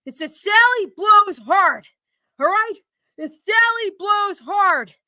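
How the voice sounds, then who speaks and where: A woman's voice: high voice, moderate pace, pushed and bright, no echo. A woman voicing an angry, frustrated middle-aged male customer who rants and stammers in indignation. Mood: ranting. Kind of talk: storytelling role-play.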